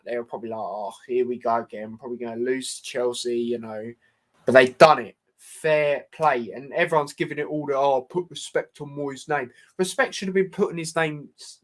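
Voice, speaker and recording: A young man hosts a casual football predictions chat in a mid-range, fairly bright voice. He talks loosely, full of fillers and asides, and says "do you know what I mean" often.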